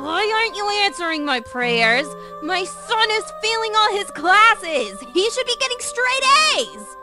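A man's voice: very high voice, big pitch swings, a little slow, music in the background, voice pushed up, exaggerated voice. A man voicing an entitled, demanding middle-aged woman who whines and complains. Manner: whiny, demanding.

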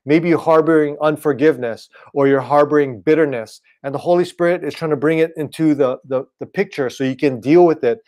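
A man preaching an online sermon in a relaxed, conversational way, often checking in with "right?". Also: a little high, fairly quick, few pauses. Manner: casual, repeats "right?" and "you know". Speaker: pastor.

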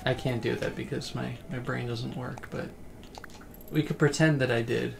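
A man's voice: mid-range voice, steady tone, moderate pace, gravelly, over music. A man streaming a game casually, rambling as he plays and reading chat messages aloud.

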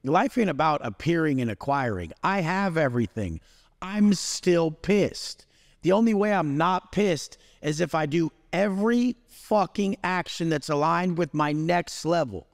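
A man's voice: on the high side, expressive, unhurried, dry recording, long reverb tail. Aggressive swearing man, dry with long tail. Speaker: guest speaker. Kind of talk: profane motivational rant.

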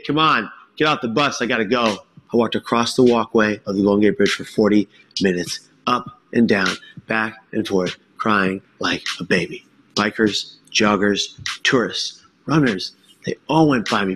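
A man giving an earnest, emphatic personal testimony talk, with dramatic pauses. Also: lowish voice, fairly bright tone, slightly rough. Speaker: speaker sharing his story.

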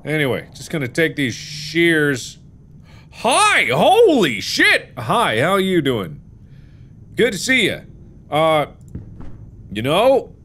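A man hosts a let's play of a horror game and comments on it as he goes. His voice sits high and bright, and he takes his time between lines. He swings from big theatrical shouts to quiet, low-voiced asides. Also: gravelly. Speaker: gaming video host.

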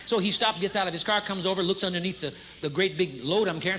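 Male preacher, emphatic and funny, very high and piercingly bright, to a church congregation. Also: steady tone, fast, hardly any pauses, a little hiss or hum. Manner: emphatic, humorous storytelling, acts out a demonstration. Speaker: pastor. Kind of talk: sermon. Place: church stage before a congregation.

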